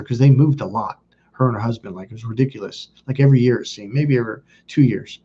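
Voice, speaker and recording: A man with a husky, mellow voice talks in a casual confessional way, blunt and full of swearing. The recording sounds dull and lo-fi. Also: medium pitch. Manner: blunt and profane, quick asides. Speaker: self-help video host.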